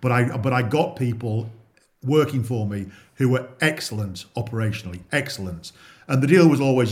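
A man's voice: mid-range voice, animated, normal speed, a little mellow. A middle-aged man from England, a guest in an interview, telling his story in a plain-spoken way with frequent repeats and restarts.

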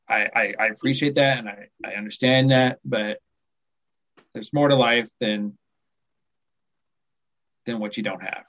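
A man in his forties, a podcast guest, speaking softly in casual chat and trailing off at the ends of phrases. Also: medium pitch, unhurried, long pauses, dull audio. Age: 40s.

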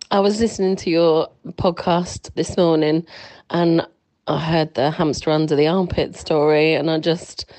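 A woman's voice: on the low side, a little mellow, no room sound. Sheepish woman leaving a voicemail. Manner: sheepish, giggly storytelling. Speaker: caller. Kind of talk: voicemail anecdote.

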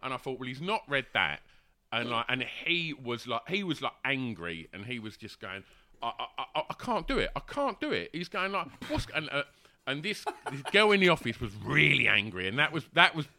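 Laughing bloke. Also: male voice, medium pitch, big pitch swings, moderate pace, vocal fry, sharp tone, dry recording. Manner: rambling, laughing, full of fillers and restarts. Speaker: guest telling a story. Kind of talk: casual anecdote.

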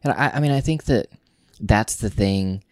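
A man in a casual couples chat, speaking haltingly with restarts and uneven pace. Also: on the low side, no echo, clean studio sound. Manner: halting, restarts words, speeds up and slows down.

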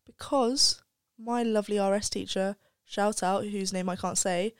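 A young woman speaks frankly and thoughtfully in relaxed podcast chat. Her voice is smooth and clear. The sound is close and dry, with no room echo. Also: mid-range voice, a little slow. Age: young adult. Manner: candid, swears freely, reflective. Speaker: podcast guest, undergraduate. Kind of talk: casual chat.

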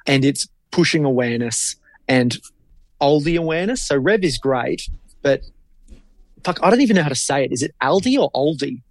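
A man's voice: a little high, lively intonation, normal speed, long pauses, dry recording. A man, co-hosting a podcast as a marketing creative in casual chat, blunt and opinionated and swearing freely.

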